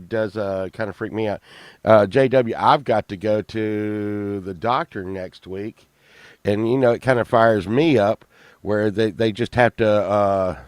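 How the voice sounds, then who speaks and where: A slow-talking middle-aged man with a Texan drawl and a lowish voice, rambling through casual chat while sounding tired after a late night. He drifts from mumbled asides to sudden loud bursts, recorded close and dry. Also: no room sound. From Texas. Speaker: show host.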